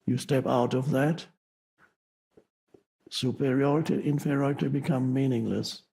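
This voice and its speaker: A man giving a spiritual teaching talk, speaking slowly with pauses and halting restarts. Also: mid-range voice, steady tone, vocal fry, warm tone, husky, rough recording.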